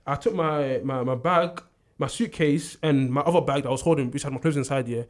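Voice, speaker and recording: A young man telling a story in casual chat, animated, acting out what people said and laughing often. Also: medium pitch, a little fast. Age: young adult. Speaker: university student.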